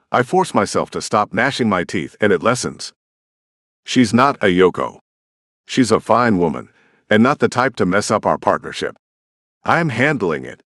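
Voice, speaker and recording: A man reads a first-person romance audiobook, telling it like a conversation. His voice sits low but moves through wide, lively swings in pitch. The sound is close and dry, with no room around it. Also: dry recording. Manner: expressive, conversational storytelling. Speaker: audiobook narrator.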